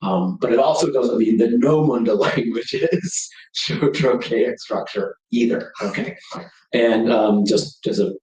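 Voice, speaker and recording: A man giving a measured, explanatory academic conference presentation. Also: medium pitch, expressive, a little mellow. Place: conference room. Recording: roomy echo.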